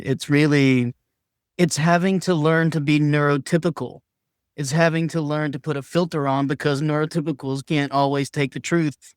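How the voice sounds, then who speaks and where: A man with a mid-range voice talks candidly as a guest on a podcast, in a dry, studio-quality recording. Earnest and emphatic, he at times quotes his own past words in a louder voice.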